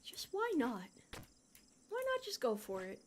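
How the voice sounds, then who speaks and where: A woman's voice: fairly high pitch, wildly swooping pitch, measured pace, a little hiss or hum. A young woman streaming a game, chatting casually and playfully answering her viewers. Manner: playful, reads and answers chat. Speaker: VTuber streamer. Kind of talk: casual gameplay chat with viewers.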